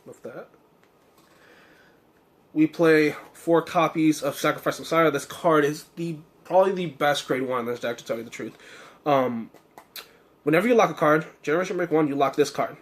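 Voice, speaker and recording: A young man, slightly hoarse, casually talking through his card game deck with many fillers and self-corrections. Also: on the high side, normal speed, long pauses.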